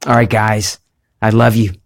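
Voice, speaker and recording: A man's voice: fairly low pitch, little pitch movement, measured pace, vocal fry. Earnest man with slight Southern accent. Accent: slight Southern American. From American South. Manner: earnest, musing, thinks aloud. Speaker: podcast host. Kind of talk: spiritual monologue.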